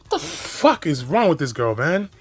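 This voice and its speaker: A man's voice: fairly high pitch, wildly swooping pitch, normal speed, breathy edge, soft background music. A man hosting a reaction commentary, ranting in a profane, exasperated, mocking way. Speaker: commentary host.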